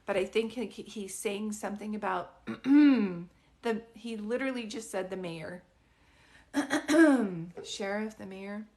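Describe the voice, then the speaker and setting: This woman takes her time, her mid-range voice a little mellow, as she gives an informal live psychic reading at home with a dog around. Her chatter rambles, with frequent fillers and restarts.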